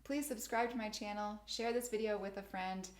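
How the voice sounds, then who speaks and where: A woman's voice: mid-range voice, steady tone, normal speed. Methodical woman piano teacher, roomy sound. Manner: clear, methodical explaining, chanting rhythm words. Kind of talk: instructional video for teachers. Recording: roomy echo.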